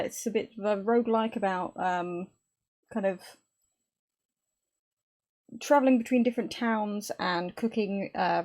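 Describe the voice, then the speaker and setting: Creaky, husky woman streamer thinking aloud. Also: mid-range voice, darkish tone. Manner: thinks aloud, halting with fillers and restarts. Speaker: game developer streaming. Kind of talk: casual live-stream talk while coding. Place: home desk.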